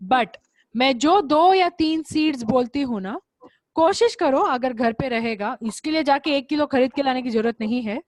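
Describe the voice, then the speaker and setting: A woman teacher races through an online video-call lesson in a high voice and an Indian English accent. She keeps repeating instructions, switches into Hindi, and names students as she scolds them.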